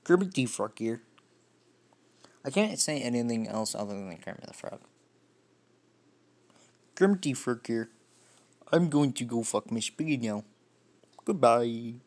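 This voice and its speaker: A man's voice: mid-range voice, expressive, unhurried, pauses often, darkish tone. A cheerful, silly puppet frog, voiced by a man doing a homemade impression. The tone is nasal and warbly, with a goofy lilt.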